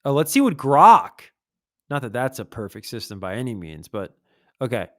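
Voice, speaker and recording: Animated man hosting a music livestream. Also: mid-range voice, normal speed, no room sound, clean studio sound. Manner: animated, reads posts aloud with wry asides. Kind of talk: casual livestream commentary.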